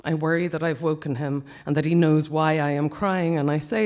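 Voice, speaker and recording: A man reading a personal account aloud at a festival talk, quiet and measured, often dropping to a hush. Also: fairly high pitch, steady tone. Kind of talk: reading a memoir piece aloud.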